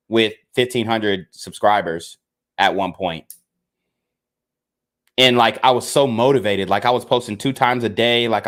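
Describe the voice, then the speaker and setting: A young man, a video creator, talking straight to his viewers in a frustrated, emphatic rant, repeating himself and swearing. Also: fairly low pitch. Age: young adult. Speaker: content creator. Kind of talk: casual rant to camera.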